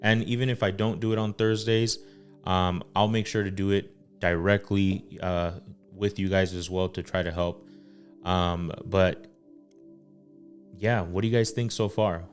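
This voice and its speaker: A man with a deep, low-pitched voice talks earnestly about faith and family as a podcast host. He speaks casually and often pauses or says um mid-thought. Soft music plays faintly in the background. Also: steady tone. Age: adult father. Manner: earnest, full of fillers and pauses. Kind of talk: casual faith-based talk.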